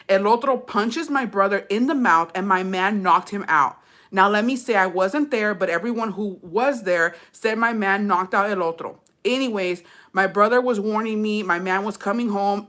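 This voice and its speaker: A woman's voice: medium pitch, fairly bright tone. A young woman reading a storytime aloud in slangy, profane English with Spanish mixed in, breaking off to laugh and comment.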